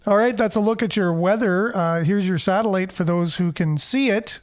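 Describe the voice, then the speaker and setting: A man's voice: high-pitched, a little fast, few pauses. A man hosting a casual local news show, chatting and reading the news aloud with asides and fillers. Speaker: host.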